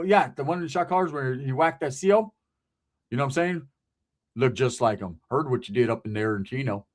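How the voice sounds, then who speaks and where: A middle-aged man telling a street story in casual, profane slang, keeps checking in with "right?". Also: high-pitched.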